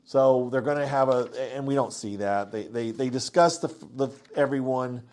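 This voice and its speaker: A man's voice: mid-range voice, normal speed, darkish tone. Rambling man recapping a reality show. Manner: rambling, many restarts and "um"s, acts out quotes. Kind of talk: casual recap commentary.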